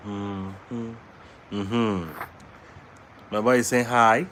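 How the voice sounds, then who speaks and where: A man vlogging at home with his baby son, switching between slow casual talk and high cooing baby talk and singing. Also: steady tone, fairly bright tone, a little hiss or hum.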